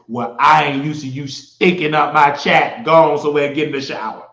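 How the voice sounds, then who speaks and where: A man's voice: on the high side, fairly even intonation, moderate pace, gravelly, hardly any pauses, fairly bright tone. A man hosting a live stream, talking casually and bluntly, mocking viewers and telling stories. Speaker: livestream host. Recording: echoey, slightly dull sound.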